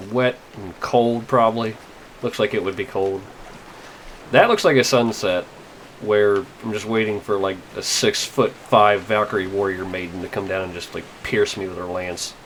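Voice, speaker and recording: A man's voice: on the low side, fairly bright tone, slight background noise, poor audio. A young man giving casual, rambling gameplay commentary, wry and full of fillers and swearing. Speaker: let's play gamer. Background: faint game music.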